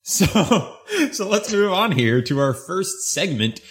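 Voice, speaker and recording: Man, podcast host, casual chat, playful, laughs often, animated pitch. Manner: playful, laughs often, deliberate awkward pauses.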